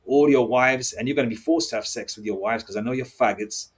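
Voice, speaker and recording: A man's voice: medium pitch, fairly quick, breathy edge. A man preaching angrily and reading scripture aloud. He talks in a combative way and keeps checking in with "all right?" and "okay?". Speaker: religious teacher.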